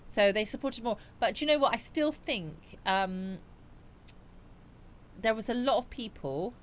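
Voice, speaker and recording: A woman with a medium-pitched voice hosts a casual livestream, reading viewers' comments out loud and musing over them in a chatty, rambling manner. A little hiss or hum sits under the audio.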